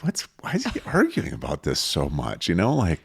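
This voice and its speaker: A man's voice: deep voice, huge pitch swings, moderate pace, creaky, husky. A man co-hosting a parenting podcast, chiming in on a shared family story in a casual way, laughing as he retells it.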